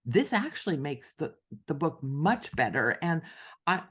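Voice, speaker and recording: A woman's voice: low voice, a little slow, slightly rough. A middle-aged woman, an author and podcast guest, telling a story in conversation and acting out the voices of the people in it. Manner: animated, acts out quoted voices.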